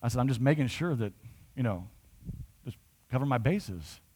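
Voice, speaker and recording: A man pastor preaching to his congregation in a conversational storytelling style. His voice sits in a middle pitch, and he builds to emphatic points. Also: lively intonation, normal speed, a little mellow, breathy edge. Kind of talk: sermon storytelling.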